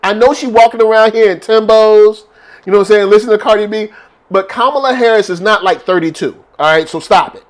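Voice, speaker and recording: A man co-hosting a casual chat show, laughing often, reading viewer shout-outs in a slangy, animated way. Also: high voice, brisk. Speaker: podcast co-host.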